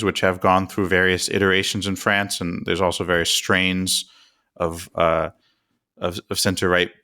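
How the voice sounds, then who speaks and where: Low-voiced American man hosting a podcast. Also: bright, forceful tone, clean tone. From United States. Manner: chatty, self-deprecating, with fillers and restarts. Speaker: podcast co-host. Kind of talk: explanatory podcast talk.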